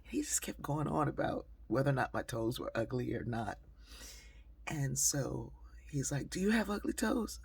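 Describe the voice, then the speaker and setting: Husky, raspy woman telling a story. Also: a bass voice, normal speed, a little mellow. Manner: conversational, with frequent fillers. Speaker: speaker telling a personal story. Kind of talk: storytelling monologue.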